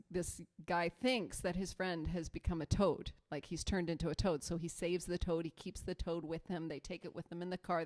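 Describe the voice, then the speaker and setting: A woman with a slightly low voice chats casually on a choir live stream. She rambles through her stories with plenty of fillers and restarts. Her mic sits a little away from her rather than right in front of her mouth. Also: darkish tone. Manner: chatty, rambling storyteller with many fillers and restarts. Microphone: mic set away from her, not in front of her mouth.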